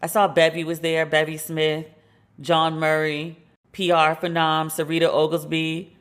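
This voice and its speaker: A woman's voice: low voice, monotone, a little slow, clear, resonant tone. A woman hosting her podcast alone, chatting casually and with energy from her open-plan home loft, with many "like" fillers. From based in Los Angeles. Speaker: podcast host. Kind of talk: casual solo chat.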